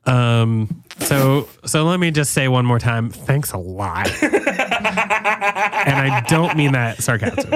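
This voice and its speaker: A young man giving a rambling, deadpan mock wedding toast as a podcast guest, full of ums and fillers. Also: medium pitch.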